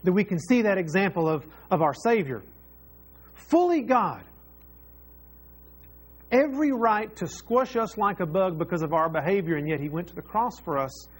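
A man's voice: sits high, animated, normal speed, pauses often, husky. A man preaching a sermon as pastor, earnest and repeating phrases for emphasis.

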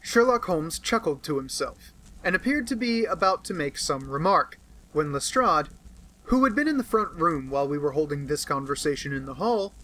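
A male narrator reads a classic novel aloud in measured, scripted storytelling. His voice is bright and crisp, pitched slightly above the usual male range. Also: expressive, low-quality recording. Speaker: audiobook narrator.

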